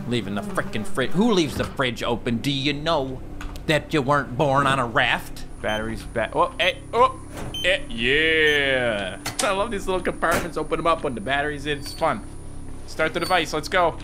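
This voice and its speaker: A man's voice: fairly high pitch, normal speed, noisy background. A man giving jokey let's play commentary on a video game, exclaiming and reading game text aloud. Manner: joking, exclamatory, reads on-screen text aloud. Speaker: gaming video host.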